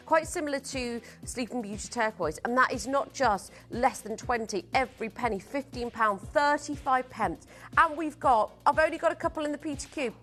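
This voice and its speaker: A woman hosts a live jewellery sale on a shopping channel, talking in a warm, gushing stream of sales patter. Her voice sits somewhat high, and faint music runs under her.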